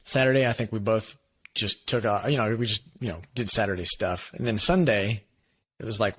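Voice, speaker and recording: A man's voice: on the low side, a bit bright, breathy edge. Brief: male podcast co-host, easygoing banter, frequent laughs, slight nasal edge. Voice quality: nasally when recorded, by his own account. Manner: upbeat, laughs often, talks in quick bursts. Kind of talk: casual chat.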